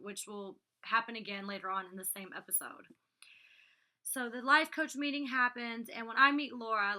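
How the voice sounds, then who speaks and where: A woman's voice: mid-range voice, sharp tone. A woman in her twenties chatting through a casual vlog recap, saying "like" and "you know" a lot. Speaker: reality show cast member recapping an episode.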